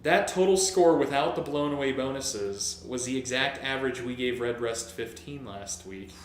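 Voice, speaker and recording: A man's voice: mid-range voice, moderate pace. A man co-hosting a whisky review, chatting casually and enthusiastically as he tallies the scores. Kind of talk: casual chat. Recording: echoey room with faint noise.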